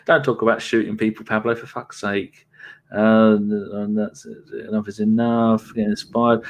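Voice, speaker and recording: A man hosting a casual football podcast, brisk and wry, swearing freely as he steers the chat. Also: on the low side, flat delivery, muffled recording. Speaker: stand-in podcast host.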